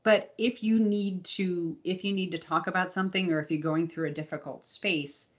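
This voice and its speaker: A woman co-hosting a podcast, telling a personal race story in a candid, animated way with frequent restarts and laughter. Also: fairly low pitch, moderate pace, muffled recording. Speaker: podcast co-host and endurance coach. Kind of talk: casual storytelling chat.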